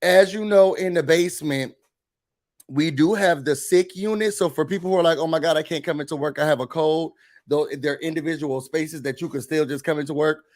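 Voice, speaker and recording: A man hosting a mock office meeting in a faux-serious, deadpan manner, breaking into put-on emotion now and then. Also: fairly high pitch, a little fast. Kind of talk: comedic mock corporate briefing.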